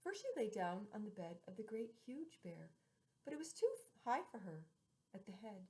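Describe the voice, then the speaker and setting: A woman's voice: medium pitch, sing-song, rough recording. Woman reading a fairy tale, dropping to whispers. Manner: drawn-out repetitions with hushed, whispered words. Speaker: storyteller.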